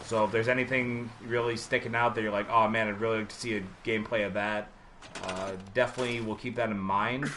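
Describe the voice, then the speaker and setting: A man's voice: lowish voice, little pitch movement, quick pace, sharp tone, slight background noise. Chatty rambling male game streamer. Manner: rambling, chatty, lots of fillers, answers chat. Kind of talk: casual live-stream commentary.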